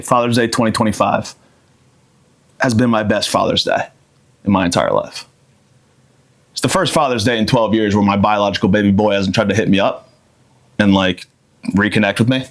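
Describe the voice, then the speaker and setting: A man hosting a podcast, delivering a crude, cocky comedic monologue in a deadpan manner. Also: lowish voice. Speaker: podcast host.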